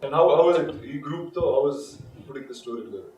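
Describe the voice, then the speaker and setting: A man's voice: mid-range voice, animated, racing, a little mellow, dull audio. A man with an Indian English accent, hosting an interview and asking chatty questions. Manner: chatty, backchannels, mixes Telugu and English. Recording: echoey room, mic at a distance.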